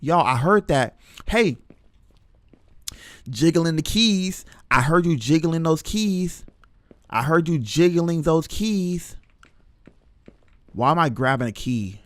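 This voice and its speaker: Jumpy young man, higher-pitched streamer. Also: expressive, takes it slowly, pauses often, no echo. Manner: chatty, jittery, talks to chat in slang. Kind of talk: live horror game commentary.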